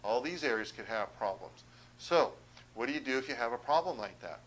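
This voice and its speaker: A man's voice: mid-range voice, animated, brisk, fairly bright tone, low-quality recording. A man speaking as a chiropractor, giving a direct, persuasive health talk and often asking the audience questions. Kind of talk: health seminar talk to viewers.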